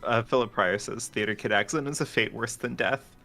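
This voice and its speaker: A man's voice: medium pitch, fairly quick, bright, forceful tone, faint music behind. A man joining a stream as guest commentator, wry and theatrical in casual banter.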